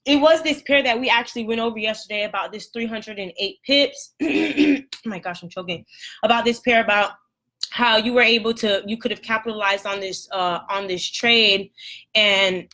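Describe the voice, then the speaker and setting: A young woman with a scratchy throat teaching trading basics on a live stream, chatty and apologetic, clearing her throat often. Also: a little high, normal speed, bright, forceful tone. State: hoarse, throat irritated after a run. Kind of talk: casual live lesson.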